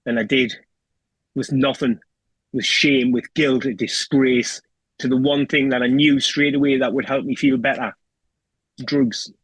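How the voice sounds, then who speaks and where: A middle-aged man with a Geordie accent talks with a husky, slightly rough voice at a middle pitch. He tells his story in a raw, emotional, sweary way and keeps checking in with "do you know what I mean". The sound is close and dry. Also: fairly even intonation, a little slow, fairly bright tone, no room sound, low-quality recording. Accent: North East England (Geordie). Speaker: guest. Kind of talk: candid personal storytelling.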